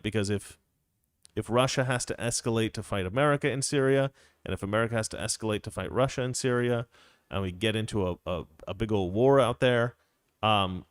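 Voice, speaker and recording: A man's voice: fairly low pitch, clear, resonant tone, no room sound, studio quality. A middle-aged man hosting a casual political talk show, rambling and wry, often stopping to restart his sentences. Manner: rambling, self-interrupting, wry. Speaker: political commentary host.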